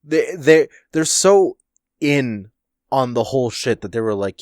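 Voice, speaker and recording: Laid-back young man, slow lively drawl. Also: medium pitch, no echo, studio quality. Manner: laid-back, swears freely, trails off and restarts. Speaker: podcast co-host. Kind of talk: casual chat.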